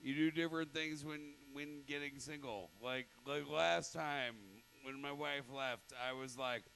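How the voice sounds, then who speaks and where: A man doing stand-up, halting and self-deprecating, full of fillers. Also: medium pitch, vocal fry, bright, forceful tone, slight background noise. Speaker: stand-up comedian. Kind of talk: stand-up set.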